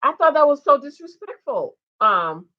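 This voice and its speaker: A woman casually recapping a dating show, animated and quick to act out what the cast said. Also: high voice, muffled recording. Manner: animated, mimics the cast in quotes. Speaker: show reviewer.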